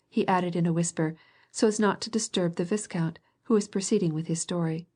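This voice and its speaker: A woman reading a classic novel aloud as an audiobook narrator, in a measured way, gently voicing each character. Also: on the low side, fairly even intonation.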